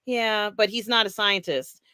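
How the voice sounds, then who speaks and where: A woman's voice: medium pitch, measured pace, bright, forceful tone, clean tone, dry recording, clean studio sound. A woman co-hosting a casual pop culture chat, frank and chatty, laughing often and talking through lots of fillers. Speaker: co-host.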